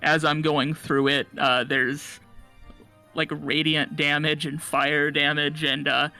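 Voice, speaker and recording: A man's voice: on the high side, level tone, slow, sharp tone, soft background music. A young man playing a tabletop game, hesitant and full of ums, often laughing. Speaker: player.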